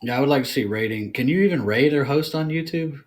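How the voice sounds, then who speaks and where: A man's voice: mid-range voice, quick pace. A man from the United States in casual podcast chat, rambling and hesitant, trailing off. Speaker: streamer guest.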